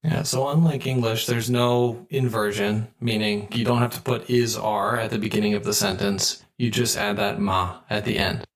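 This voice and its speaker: Low-voiced man co-hosting a lesson. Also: little pitch movement, normal speed, hardly any pauses, poor audio. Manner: explanatory, compares with English grammar. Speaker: co-host of language lesson. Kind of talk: scripted language lesson.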